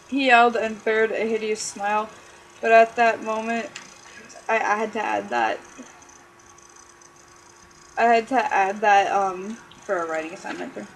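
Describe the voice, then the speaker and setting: A woman's voice: a little high, a little slow, long pauses, slight background noise, low-quality recording. Giggly woman reading her childhood story. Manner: giggly, self-mocking. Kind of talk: reading aloud with joking asides.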